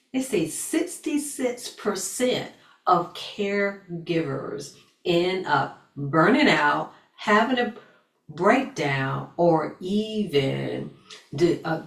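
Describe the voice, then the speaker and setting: Low, unhurried woman coaching from afar. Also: gravelly, reverberant, distant mic. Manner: earnest, repeats phrases for emphasis. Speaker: self-care coach and academy founder. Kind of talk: motivational talk to camera.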